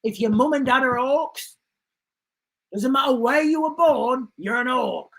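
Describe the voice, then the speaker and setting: This man hosts a casual political commentary livestream in a very high-pitched, slightly bright voice at a measured pace, rambling along, restarting sentences and calling his viewers guys.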